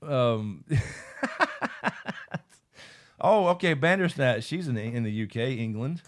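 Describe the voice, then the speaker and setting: A man's voice: mid-range voice, animated, brisk. A man hosting a live stream in casual chat, with a loose, rambling way of talking as he reads out viewers' comments. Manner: laid-back, rambling, reads chat aloud.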